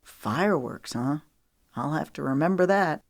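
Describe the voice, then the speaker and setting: A woman narrator voicing an easygoing young man who teases with a relaxed drawl, recorded dry and close. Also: low-pitched, moderate pace, no echo. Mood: teasing.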